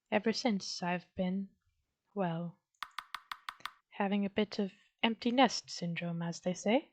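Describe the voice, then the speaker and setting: A woman voicing a gentle, lonely female witch who speaks in a soft, sweet, coaxing way. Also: mid-range voice, slight background noise, lightly acted.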